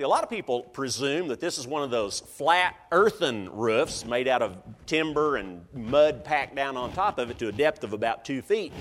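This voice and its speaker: Male preacher, very expressive storyteller, echoing church hall sound. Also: mid-range voice. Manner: animated storytelling, acting out voices of listeners. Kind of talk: sermon.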